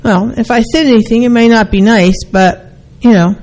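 A woman's voice: a little high, moderate pace, a little mellow, rough recording. A middle-aged woman, a counselor, hosting a talk show and explaining behaviors, now and then acting out short quoted exchanges.

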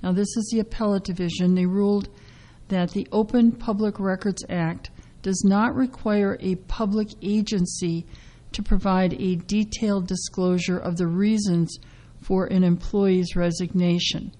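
A woman hosting a radio talk show about legal news, getting over a cough and speaking haltingly with many fillers. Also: mid-range voice, fairly even intonation, warm tone, rough recording. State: recovering from a cough. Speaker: radio host.

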